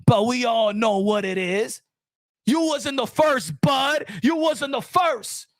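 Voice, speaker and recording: Hosting a boxing channel's live stream, a man rants loudly and heatedly, repeating lines for emphasis in profane street slang. His voice is extremely high-pitched and slow, recorded in clean studio sound with no echo.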